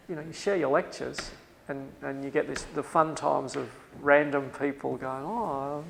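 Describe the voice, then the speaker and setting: A man's voice: mid-range voice, gravelly, a bit bright, long reverb tail, a little hiss or hum, poor audio. A man with an Australian accent giving a workshop lecture to staff, emphatic and repeating his key advice.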